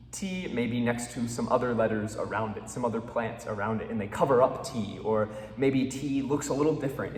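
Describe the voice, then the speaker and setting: A man's voice: medium pitch, a little hiss or hum. Male pronunciation teacher, patient and demonstrative, voice distant in a roomy hall. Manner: repeats words slowly to demonstrate sounds; checks in often with the class. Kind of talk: classroom lesson. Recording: echoey hall from far off.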